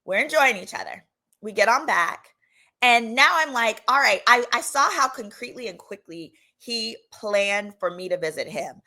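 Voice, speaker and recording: A woman in her thirties from Texas tells a personal story as a chatty, animated monologue. Her voice is bright and sits a little high, and she slips into quick impressions of the people in the story. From Texas, United States. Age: 30s. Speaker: lawyer and channel host.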